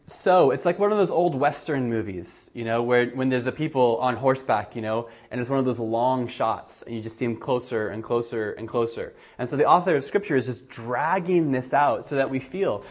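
A man preaching a sermon, reading scripture aloud and acting out the quoted speakers with animated shifts in voice. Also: normal speed, hardly any pauses. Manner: animated, acts out quotes with rising pitch. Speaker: pastor.

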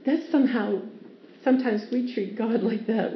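A woman's voice: a little high, normal speed. A woman giving a devotional Bible teaching, earnest and storytelling, sometimes laughing as she explains. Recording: roomy, dull lo-fi sound with faint ambience.

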